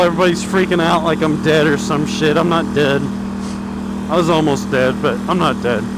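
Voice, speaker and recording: A man vlogging while riding his motorcycle, telling a long, angry, profanity-laden story in a rambling way. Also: a little high. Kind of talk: profane ranting vlog. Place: outdoors riding a motorcycle on a country road. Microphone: helmet action camera. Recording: engine and wind noise.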